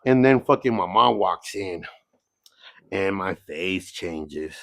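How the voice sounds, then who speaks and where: A man's voice: sits low, expressive, slow pace, a bit bright, no room sound. A middle-aged man from the San Diego area, a podcast guest telling stories in casual talk, cursing heavily and often asking "you know what I mean.". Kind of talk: casual storytelling, heavy cursing.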